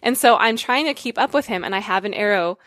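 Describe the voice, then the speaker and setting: A woman's voice: mid-range voice, lively intonation, fast, a bit bright, dry recording, studio quality. A woman telling a story in casual conversation, acting out quotes and laughing often. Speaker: guest.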